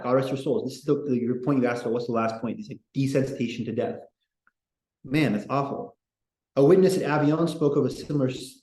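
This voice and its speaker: A man hosts a casual history talk, reading quotes and wandering into opinionated asides. His voice sits at a middle pitch. The recording carries a noticeable room echo. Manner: digressive, opinionated, animated asides. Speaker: podcast host. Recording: echoey room.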